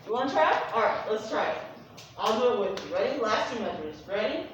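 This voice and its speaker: A woman's voice: a little high, big pitch swings, brisk. A woman music teacher leading a class through a rhythm exercise, counting off beats and cheering the students on. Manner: counts off beats, upbeat and encouraging. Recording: echoey room from far off, noisy.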